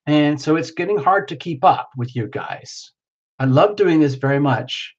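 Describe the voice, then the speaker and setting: A man's voice: a little high, animated, unhurried, slightly rough, muffled recording. A worn-out man hosting a tarot livestream, rambling casually and greeting viewers by name.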